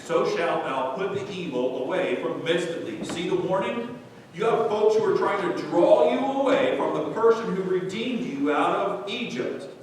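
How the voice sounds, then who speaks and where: Recorded from far off in an echoey church sanctuary with a faint low rumble, this pastor delivers an impassioned sermon. His male voice is animated at a moderate pace, and he leans on rhetorical questions.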